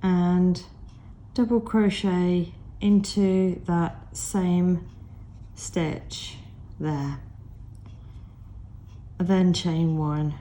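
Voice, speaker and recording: A woman teaching crochet step by step, croaky from a cold, counting stitches aloud in a patient way. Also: fairly low pitch, fairly even intonation, very slow, pauses often, mellow. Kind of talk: step-by-step craft tutorial.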